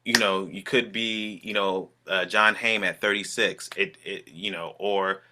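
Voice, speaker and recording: Man with a bright, low voice. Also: fairly even intonation, a little slow. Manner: upbeat, earnest, prone to laughter. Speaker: guest, singer and actor. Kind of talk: casual interview chat.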